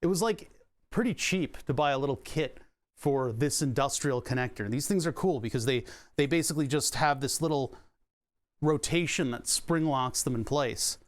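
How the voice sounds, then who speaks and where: While putting together racing wheel hardware on a live stream, this man keeps up easygoing, self-deprecating banter. His mid-range voice holds a moderate pace, and a hand injury draws a curse from him.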